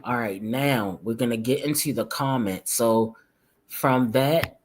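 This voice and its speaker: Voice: mid-range voice, a little slow. A livestream host with a mid-range voice, talking loosely to the audience. The host chats in slang and keeps calling the viewers "y'all" between reading comments aloud. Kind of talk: casual reaction livestream.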